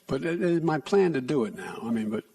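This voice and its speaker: An older man takes questions at a press conference, picking his way through answers with many restarts and half-finished phrases. His voice is husky and a little breathy. He sounds somewhat distant from the microphone. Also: medium pitch, very animated. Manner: halting, restarts often, soft asides. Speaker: president answering reporters. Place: press room.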